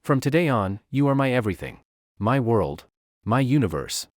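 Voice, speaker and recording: A man's voice: mid-range voice, big pitch swings, moderate pace, no echo, studio quality, lightly acted. A man voicing an obsessive, lovestruck young woman with fire powers, talking in a clingy, possessive way. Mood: adoring. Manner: clingy, pleading then coldly possessive.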